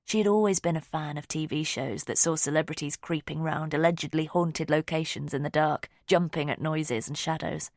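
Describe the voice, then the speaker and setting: Female audiobook narrator; low and measured, dry. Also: dry recording.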